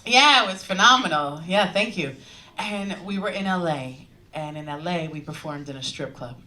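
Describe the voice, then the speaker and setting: A woman's voice: lowish voice, lively intonation, normal speed, sharp tone. Brash Long Island woman doing stand-up. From Long Island, New York. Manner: brash, confiding punchline delivery. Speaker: stand-up comedian. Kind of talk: stand-up comedy set. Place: comedy club stage. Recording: noisy live club recording from some distance.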